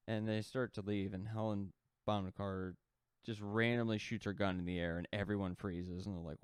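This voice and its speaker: A man's voice: fairly low pitch, steady tone, moderate pace, clear, resonant tone, no echo. A man co-hosting a podcast, telling a story in a casual rambling way, full of "like" fillers and the odd swear word, acting out the quoted lines. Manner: rambling, heavy use of "like" fillers. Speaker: podcast co-host.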